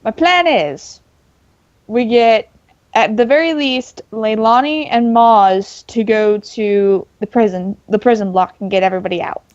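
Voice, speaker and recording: A woman player eagerly laying out her plans at a tabletop game, halting now and then. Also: on the high side, darkish tone, dry recording, highs cut off. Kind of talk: casual tabletop chat.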